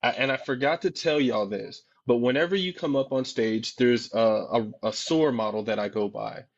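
A man hosting a live social media discussion, asking probing questions in a calm, reassuring way. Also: medium pitch, moderate pace. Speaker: host. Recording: dull lo-fi audio.

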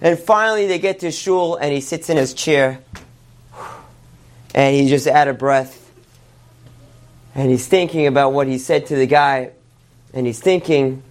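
Male rabbi, sermon storyteller, animated retelling. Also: medium pitch. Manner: animated retelling, quick asides.

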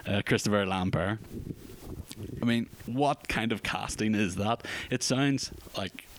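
A man co-hosting a podcast, chatting casually about films in a rambling, jokey, animated way. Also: fairly low pitch, a little slow, slight background noise. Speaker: podcast co-host. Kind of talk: casual film chat.

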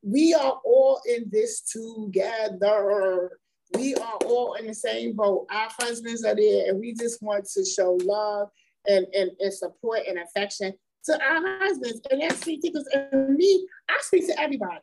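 Animated woman with AAVE speech. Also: on the high side, unhurried, a crowd in the background, poor audio. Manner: animated, emphatic, repeats words, laughs while talking. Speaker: wife of an incarcerated man. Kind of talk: candid conversational testimony.

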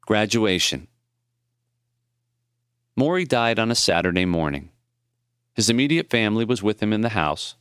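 A man reading his own memoir as audiobook narration, measured and tender. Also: on the low side, animated, a bit bright, clean tone, dry recording, clean studio sound.

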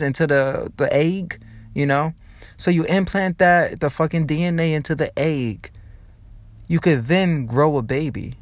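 A young man from New Jersey hosting his own podcast, ranting in a profane, rambling and excitable way. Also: fairly high pitch, no room sound. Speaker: podcast host. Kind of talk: casual podcast monologue.

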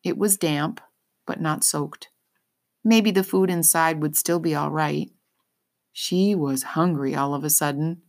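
A woman reading a children's novel aloud, pausing to explain words in plain terms. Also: low-pitched, a little mellow. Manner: pauses to explain words simply. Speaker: reader. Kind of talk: storybook read-aloud for children.

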